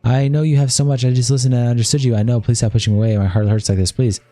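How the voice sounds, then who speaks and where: Very fast, dark-voiced man reading messages. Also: medium pitch, fairly even intonation, no room sound. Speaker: streamer. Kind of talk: reading chat messages aloud on a livestream.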